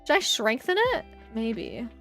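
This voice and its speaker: A woman's voice: fairly high pitch, wildly swooping pitch, measured pace, a bit bright, soft background music. A young woman streaming as an artist, chatting casually and giggling while she draws, with playful, melodramatic outbursts.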